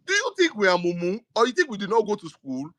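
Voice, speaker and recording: A man's voice: high-pitched, huge pitch swings, quick pace, fairly bright tone, no echo. A Nigerian man argues hard in an online audio debate, his voice swooping up and down as he accuses and scolds. The sound is close and dry from a phone mic, with no room around it. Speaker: debate participant. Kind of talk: heated argument.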